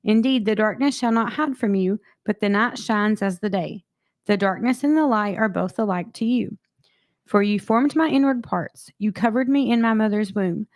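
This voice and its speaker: A woman's voice: mid-range voice, moderate pace, no room sound. Woman reading scripture, dry close sound. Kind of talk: scripture reading and brief comment.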